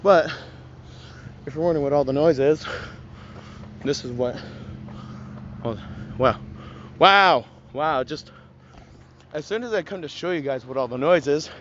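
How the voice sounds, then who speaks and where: A man's voice: fairly high pitch, measured pace, pauses often, fairly bright tone. A young man from Alaska chatting casually and exclaiming in awe as he walks and films a travel vlog outdoors. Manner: chatty, awed exclamations while walking. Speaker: vlogger. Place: outdoors at a roadside scenic lookout near traffic. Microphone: phone held by the vlogger. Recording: muffled phone audio with passing traffic.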